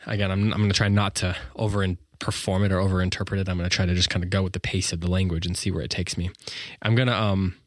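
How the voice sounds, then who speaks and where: A thoughtful man hosts a poetry podcast. His voice sits on the low side and sounds dry and close, with no room around it. He reflects on the lines, corrects himself as he goes, and slows down to enunciate when he reads the verse aloud. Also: flat delivery, no room sound. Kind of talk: poetry commentary and reading aloud.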